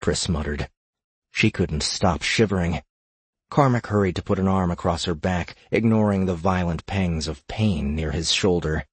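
A man reading a fantasy audiobook with a deep, husky voice. His storytelling is measured and steady. The sound is dry and close to the mic. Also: no echo. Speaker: narrator. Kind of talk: scripted fantasy audiobook narration.

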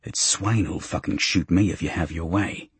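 A man voicing a slow, grave, uneasy middle-aged male minder, speaking hushed and reluctant. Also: low-pitched, breathy edge, dry recording, full character voice. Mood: tense. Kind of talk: audiobook character voice.

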